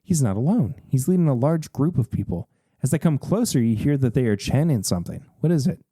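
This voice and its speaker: A man hosting a podcast, reading a gamebook aloud in a lively, expressive way. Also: medium pitch, a little fast, breathy edge, dry recording. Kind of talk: animated story reading.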